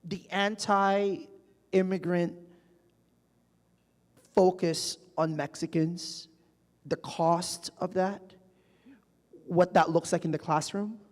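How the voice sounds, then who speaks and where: A man with a high voice speaks slowly and pauses often as the guest speaker at an onstage public conversation. In a large hall with reverberant sound, he tells animated stories to the live audience, acting out those he quotes.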